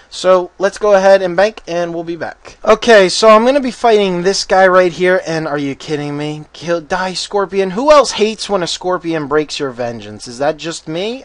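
A man giving casual gameplay commentary, excitable and profane, often bursting into rapid panicked strings of "no" and laughing. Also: fairly high pitch. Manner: swears freely and laughs often. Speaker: game commentator.

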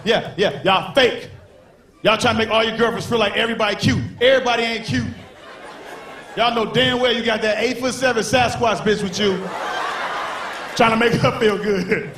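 Animated high-voiced male stand-up comic. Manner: animated, acts out characters in quick voices. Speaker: stand-up comedian. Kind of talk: stand-up comedy routine. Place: comedy club stage before a live audience. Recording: live show with crowd laughter and faint noise.

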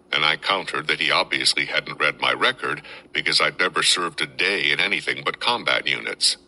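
Deep-voiced man reading a memoir. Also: rough recording. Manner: steady first-person storytelling with dramatic quotes. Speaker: podcast host reading a book.

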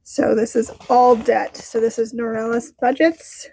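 A woman budgeting vlogger chatting casually as she counts cash, bubbly and excitable, talking to herself as she goes. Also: fairly high pitch, a little slow, vocal fry, background noise. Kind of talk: casual vlog chat while counting cash.

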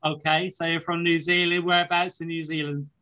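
A chatty middle-aged man from Devon hosts a relaxed interview in a mixed English accent. His voice is bright and forward. He talks loosely and swears freely. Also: a little high, brisk. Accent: English, mixed southwest and northeast. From Devon, England. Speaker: host. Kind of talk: casual interview.

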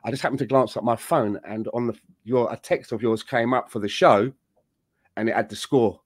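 A man's voice: medium pitch, fairly even intonation, normal speed, breathy edge, no echo. A man co-hosting a casual podcast, telling rambling, easygoing stories. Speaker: podcast co-host. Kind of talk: casual chat.

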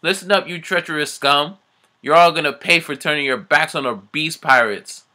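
Man doing a bullying pirate boss for a comic read-aloud, bright and a bit high. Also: moderate pace. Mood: menacing. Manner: threatening, shouted commands. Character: arrogant hulking male pirate boss.

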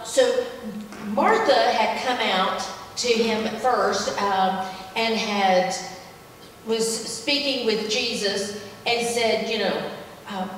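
A woman's voice: fairly high pitch, a bit bright, slight background noise. A woman leading an informal Bible teaching in a church service, talking in a conversational, enthusiastic way with many fillers. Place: church sanctuary. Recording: echoey hall from far off.

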